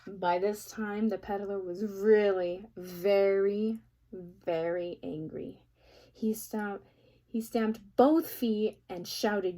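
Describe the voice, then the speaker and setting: Slow, mellow woman reading a picture book. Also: medium pitch, steady tone. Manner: asks the listener questions, playful. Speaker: reader.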